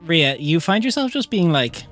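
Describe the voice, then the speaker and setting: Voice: medium pitch, big pitch swings, normal speed, a bit bright, faint music behind. A game master narrating a live tabletop game, laughing often as the story unfolds.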